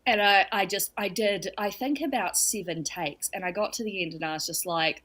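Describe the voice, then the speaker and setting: A woman's voice: mid-range voice, moderate pace, a bit bright. A young woman talks as a podcast guest. She tells her story candidly, with a humorous, conversational edge. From New Zealand. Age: young adult. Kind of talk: casual podcast chat.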